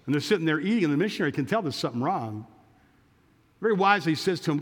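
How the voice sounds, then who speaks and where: A male pastor telling a story during a sermon, animated and with frequent restarts. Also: on the high side, racing. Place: church sanctuary. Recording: long church reverb.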